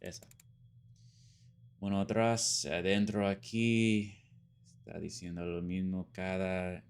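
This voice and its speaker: A man voicing a weary young male engineer held as a suspect, in a put-on Mexican accent with slow, Spanish-laced lines. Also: sits low, little pitch movement, clean tone.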